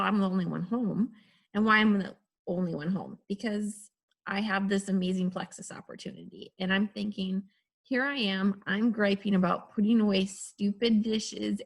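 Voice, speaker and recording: A woman shares an encouraging story with her team in an earnest, conversational way. Her voice is somewhat husky. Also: medium pitch. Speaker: team leader in a group call. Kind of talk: motivational casual talk.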